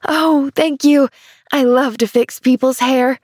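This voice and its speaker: A woman plays an eager, cheerful little girl in a storybook reading, pitching her voice high and above her own. She's animated and a bit slow, gushing breathlessly with plenty of exclamations. The recording is dry and of studio quality.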